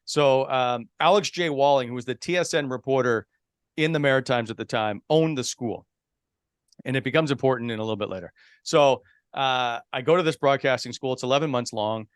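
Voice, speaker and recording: A man from New Brunswick tells his career story as a podcast guest. He speaks at an average pitch in a relaxed, conversational way. The sound is dry and close. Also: a little fast, clear, resonant tone, dry recording. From Canada, New Brunswick. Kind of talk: casual chat.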